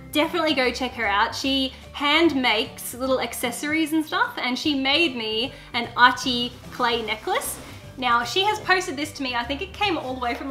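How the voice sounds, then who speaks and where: Young woman vlogger, high and bright, gushing excitedly while unboxing, faint music underneath. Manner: gushing and excitable, squeals over items. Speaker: YouTuber. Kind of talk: casual unboxing vlog chat.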